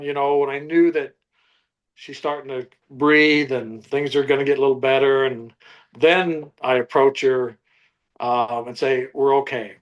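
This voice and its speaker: A man's voice: mid-range voice, muffled recording. An older man, a survivalist guest, telling his story in an interview and acting out what he and others said. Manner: animated storyteller, acts out his own quotes.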